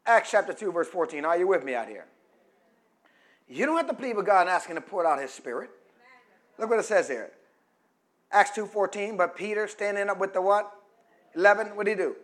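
A middle-aged preacher with a high voice and lively intonation moves fairly quickly, pausing often. He invites the congregation to fill in his phrases and alternates quiet teaching with loud, emphatic preaching.

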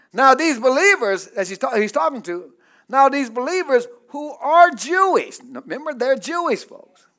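A male pastor preaching a sermon, calling out to the congregation for responses and building up to shouted peaks. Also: very high-pitched, very animated, unhurried.

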